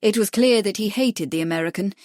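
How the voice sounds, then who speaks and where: A woman narrating a period mystery audiobook, measured and even, at a middle pitch. The recording is close and dry, with no room around her. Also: dry recording. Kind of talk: scripted narration.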